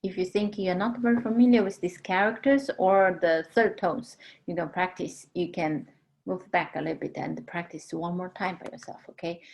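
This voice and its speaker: A woman teaching a language lesson, patiently explaining tones and drawing out model words slowly. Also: lowish voice, steady tone, creaky, a little mellow. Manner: slow, patient, drawn-out model pronunciations.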